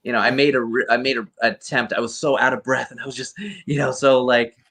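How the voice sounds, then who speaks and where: A man's voice: medium pitch, little pitch movement, fairly quick, a bit bright. A man, a guest actor and costume performer, earnestly telling a rambling story over a video call. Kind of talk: casual storytelling interview.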